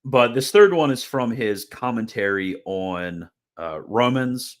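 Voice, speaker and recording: A man's voice: mid-range voice, takes it slowly. A man hosting a casual explanatory video lecture, chatty and informal, often repeating words and restarting phrases, with a wry, mildly sarcastic edge. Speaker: host of a theology video channel.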